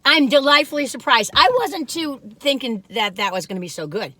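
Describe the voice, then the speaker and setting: A woman's voice: high voice, lively intonation, a little fast, bright, forceful tone, a little hiss or hum. Chatty giggly woman in her sixties. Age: 60s. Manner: chatty, giggly, exclaims over food. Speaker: food reviewer. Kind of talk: casual taste-test vlog.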